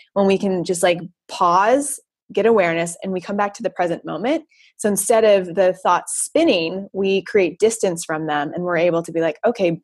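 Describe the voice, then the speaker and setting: A woman's voice: lowish voice, husky, no echo. A woman author as a podcast guest, explaining her ideas step by step and acting out her own inner dialogue. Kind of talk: conversational interview.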